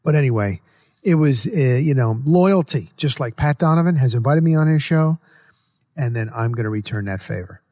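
A man's voice: medium pitch, animated, normal speed, a little mellow, dry recording, clean studio sound. A middle-aged man telling a long casual story as a host, rambling, repeating himself and correcting himself mid-sentence.

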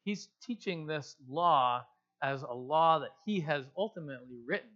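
Guy preaching, chatty and self-deprecating, bright tone, kinda muffled lo-fi sound. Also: a little high, animated, moderate pace. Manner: conversational, self-deprecating, explains scripture in plain terms. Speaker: pastor. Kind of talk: sermon.

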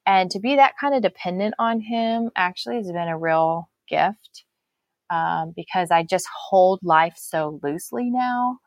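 A woman's voice: fairly low pitch, animated, unhurried, no echo. A woman speaking as an author guest on a faith-based podcast, reflective and earnest, often restarting her sentences.

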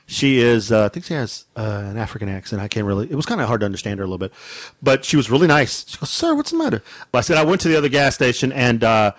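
A man co-hosting a casual chat show, telling a story in an animated way, swearing freely and acting out his own angry outbursts. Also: mid-range voice, very fast, dry recording. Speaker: podcast co-host telling a story.

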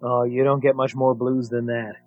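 A man's voice: mid-range voice, little pitch movement, normal speed, dull audio. A middle-aged American man co-hosting a music podcast, chatting with eager enthusiasm. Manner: enthusiastic, laughing easily. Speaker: podcast co-host. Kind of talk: casual chat about music.

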